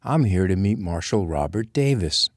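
A man's voice: sits low, expressive, normal speed, darkish tone, no room sound. A man voicing a prim, proper young schoolteacher woman who speaks stiffly and formally, in a very dry recording. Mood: prim, indignant.

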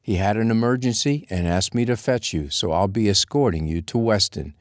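A man voicing a rugged, easygoing Western cowboy with a deep, lazy drawl, in a very dry recording. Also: fairly quick, dry recording, close to an everyday voice. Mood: amused, easy.

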